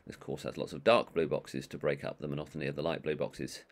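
Low-voiced, monotone male trainer. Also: vocal fry. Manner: monotone, calls his own voice that; halting, with many ums and uhs. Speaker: management trainer. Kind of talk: online training course presentation.

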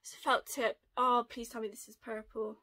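A young woman chatting through an unboxing video, gushing and excitable, often gasping with delight. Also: a little high, moderate pace. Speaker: unboxing vlogger. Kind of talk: casual unboxing chat.

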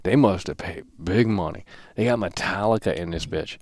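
A man streaming a wrestling video game, trash-talking the screen with lots of swearing, swinging from yelling to low muttering. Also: normal speed, dry recording, clean studio sound. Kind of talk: casual live-stream commentary.

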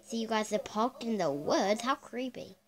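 A chatty woman vlogger with a slightly high voice, reacting to clips in casual commentary. She exclaims freely and keeps turning to her viewers to point things out. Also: moderate pace.

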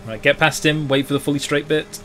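A young man giving let's play commentary, excitable, swearing at the game and laughing it off. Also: fairly high pitch, fairly quick. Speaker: gaming YouTuber.

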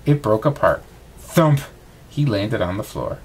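A man reading a bedtime storybook aloud, with expressive reading. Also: fairly low pitch, unhurried, slightly rough.

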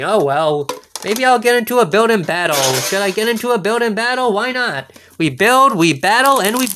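A man's voice: high voice, fairly bright tone, a little hiss or hum. A man hosting a casual card-opening video, goofy and playful, full of exclamations and wordplay. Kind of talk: casual unboxing commentary.

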